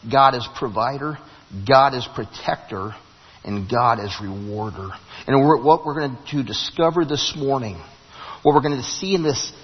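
A man preaching to his congregation in a husky voice, telling a story with restarts that climb to emphatic peaks. The sound carries a long church-hall reverb, and the recording is dull and muffled. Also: mid-range voice. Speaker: pastor. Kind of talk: sermon. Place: church sanctuary.

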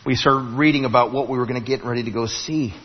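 A man preaching to his congregation in a husky voice, telling a story with restarts that climb to emphatic peaks. The sound carries a long church-hall reverb, and the recording is dull and muffled. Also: mid-range voice, fairly even intonation, fast. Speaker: pastor. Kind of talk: sermon. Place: church sanctuary.

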